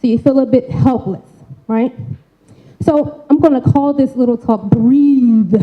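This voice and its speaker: A woman's voice: sits high, narrow, tinny audio. A woman giving an interactive live talk, coaxing the crowd with casual call-and-response and frequent "right?" tags. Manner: colloquial, folksy phrasing. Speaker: speaker giving a talk on mental health. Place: event stage before a live audience.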